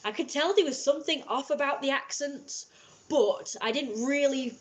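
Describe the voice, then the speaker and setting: A woman's voice: high-pitched, moderate pace. A woman with an English accent chatting casually on a livestream, rambling and filling her talk with "like" and restarts. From England. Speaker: livestream host. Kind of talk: casual live-stream chat.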